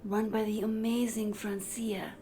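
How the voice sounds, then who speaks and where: A woman's voice: mid-range voice, level tone, a little slow, warm tone, faint music behind, natural voice. A woman voicing a wry, wistful young woman in whispered role-play, with dry, self-mocking asides. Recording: distant game audio with clear background noise.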